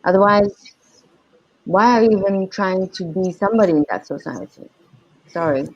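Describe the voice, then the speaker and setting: A woman's voice: mid-range voice, moderate pace, dry recording. A woman on a podcast panel giving her opinions in a direct, outspoken way. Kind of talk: casual panel discussion. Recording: dry, dull-sounding mic.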